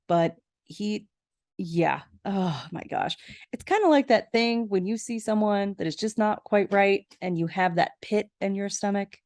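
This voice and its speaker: A woman's voice: fairly low pitch, a little mellow, no room sound, studio quality. Chatty woman recapping a sitcom. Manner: chatty, aside-prone, laughs at the scenes. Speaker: podcast host. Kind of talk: casual episode recap and commentary.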